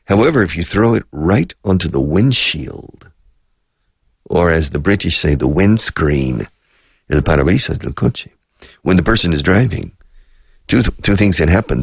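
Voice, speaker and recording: Deep gravelly man teaching English on radio. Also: dry recording, clean studio sound. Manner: explains words slowly, switches between English and Spanish, repeats phrases. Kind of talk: bilingual English lesson on radio.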